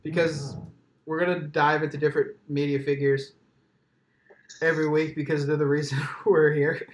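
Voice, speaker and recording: Joking, rambling podcast host in an echoey room. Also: male voice, fairly high pitch, level tone, normal speed, a little hiss or hum. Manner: profane, joking, rambling with many "like"s. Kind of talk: casual podcast chat.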